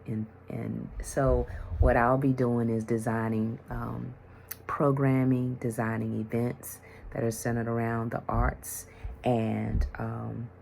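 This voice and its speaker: Very low gravelly woman vlogger. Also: slow, a little hiss or hum. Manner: animated storytelling, acts out conversations. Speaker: vlogger, mental health worker and yoga teacher. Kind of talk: casual storytelling vlog.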